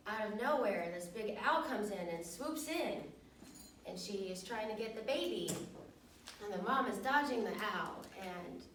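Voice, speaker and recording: Woman retelling a children's story, chatty and loose, fairly high voice, echoey room, off-mic. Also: distant mic, background noise. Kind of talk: casual retelling of a picture book.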